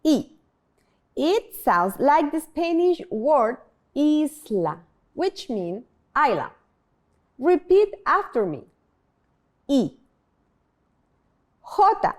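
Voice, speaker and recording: Woman teacher for a scripted beginner lesson; animated, clear, unhurried delivery. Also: sits high. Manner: slow, clear modeling of pronunciation, prompting repetition. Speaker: language teacher.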